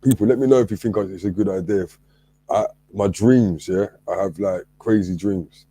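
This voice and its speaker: A man's voice: low-pitched, normal speed, mellow, slightly rough, no room sound. A male host talking casually and addressing the audience directly. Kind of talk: casual chat.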